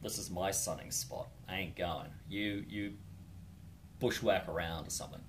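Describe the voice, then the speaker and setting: A New Zealand man voicing a stubborn, grumpy male rattlesnake in a gruff, dismissive way in a trail story. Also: low-pitched, steady tone, moderate pace, a little hiss or hum, lightly acted. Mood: defiant.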